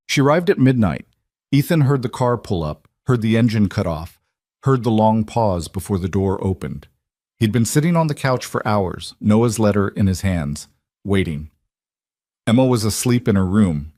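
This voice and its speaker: A man narrating an emotional story as a scripted voice-over, in a slow, measured and somber way, close to the mic. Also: fairly low pitch, a little mellow, dry recording.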